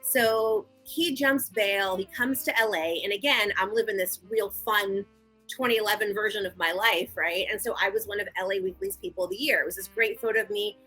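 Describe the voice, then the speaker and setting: A woman speaks as an interview guest with a husky, breathy voice that is bright and forceful and sits fairly high. She tells her story in a frank, animated, conversational way. Faint music plays behind her. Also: a little fast, rough recording. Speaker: guest, victim advocate.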